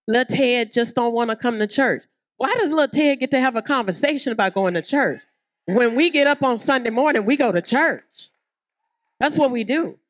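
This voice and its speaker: A Southern American woman preaching a lively sermon at a women's conference, acting out little scenes and voices as she goes. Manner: animated, acts out voices, swoops in pitch. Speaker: guest preacher.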